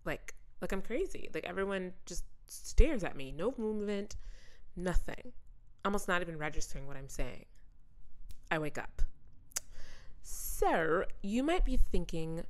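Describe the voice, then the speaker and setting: Animated woman telling a story. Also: fairly low pitch, a little slow, long pauses. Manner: animated, chatty, addresses listeners directly. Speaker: podcast host. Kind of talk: casual storytelling monologue.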